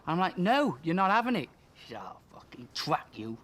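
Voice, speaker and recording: A man's voice: sits high, big pitch swings, normal speed, a bit bright. A young man chatting backstage, earnest and talkative, acting out quotes as he tells stories about his best friend. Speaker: best friend and tour companion. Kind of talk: casual backstage chat. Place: backstage room.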